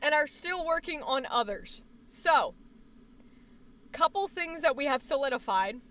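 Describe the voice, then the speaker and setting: A young woman chats on her live stream in a high, bright voice, rambling from one thought to the next. She swears freely and bursts out loudly now and then. Her voice comes from a little away from the microphone. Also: a little slow, far from the mic. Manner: rambling, profane, animated with sudden outbursts. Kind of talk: casual live-stream chat.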